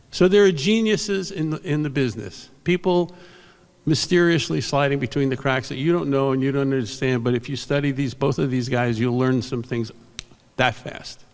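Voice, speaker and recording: An older man with a gravelly voice tells stories in an award speech from a convention stage. His speech rambles and he acts out quotes, and his voice rings with a long hall echo. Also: medium pitch, normal speed. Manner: rambling storyteller, animated quotes. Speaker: award presenter. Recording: reverberant hall.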